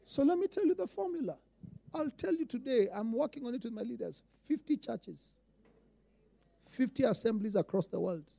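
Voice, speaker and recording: A Kenyan pastor delivers a sermon in a high, mellow, gravelly voice. He slips into quiet asides, then climbs to loud, emphatic declarations, repeating lines for weight.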